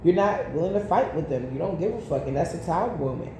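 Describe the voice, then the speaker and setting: A woman's voice: lowish voice, lively intonation, brisk, warm tone. Blunt, profane woman reading tarot. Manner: blunt and profane, chatty, storytelling asides. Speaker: tarot reader. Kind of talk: casual tarot reading with personal stories. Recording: very echoey room, faint background noise.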